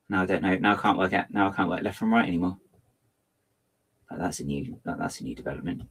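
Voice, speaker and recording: A man's voice: quick pace, pauses often, slightly rough. A man chatting playfully and self-mockingly while building on a livestream. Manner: lively, theatrical swings into high pitch. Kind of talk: casual livestream chat.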